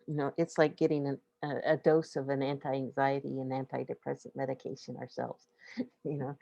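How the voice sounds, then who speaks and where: Low gravelly woman, chatty webinar talk. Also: warm tone, no room sound, muffled recording. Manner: conversational, acts out pet and owner voices, laughs often. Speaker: webinar host on pet emotions.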